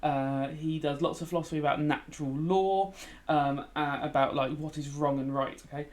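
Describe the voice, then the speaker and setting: A man gives a relaxed revision lesson as he plays a game, sounding a little tired and yawning at times. His voice sits a touch high, and he keeps checking in with "okay?" while keys clack behind him. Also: moderate pace. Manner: chatty, frequent "okay?" check-ins, talks while typing. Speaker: teacher.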